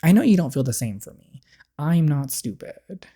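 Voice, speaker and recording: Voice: medium pitch, very animated, normal speed, mellow, breathy edge, pitched above the performer's own voice. A reader voicing Shiloh, a heartbroken teenage girl. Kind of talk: reading a story game aloud.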